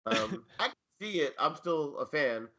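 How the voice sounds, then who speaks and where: Brief: male fantasy football co-host, rambling and wry, bright slightly raised voice, lo-fi sound. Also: on the high side, expressive, unhurried. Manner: rambling, hedging with many fillers, dry jokes. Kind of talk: casual sports podcast chat.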